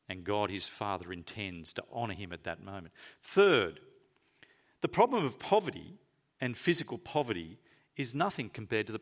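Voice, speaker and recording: A man preaching a sermon, stressing words loudly and then dropping to soft, low phrases. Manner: emphatic, swinging between loud stresses and soft low phrases.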